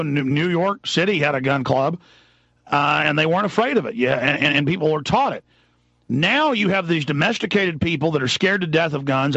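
A man in his thirties hosting a talk radio show, ranting fast and heatedly. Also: on the high side, a bit bright, dry recording. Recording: dull lo-fi broadcast audio.

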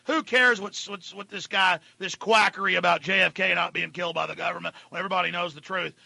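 A male radio talk show host ranting at callers, dropping to a low mutter and then shouting. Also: vocal fry, no room sound.

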